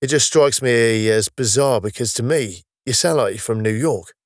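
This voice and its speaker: A man's voice: medium pitch, moderate pace, no room sound, studio quality, natural voice. A man voicing a frail older British man, newly woken, who jokes in a plain down-to-earth way. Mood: chatty. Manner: joking, down-to-earth, breathless.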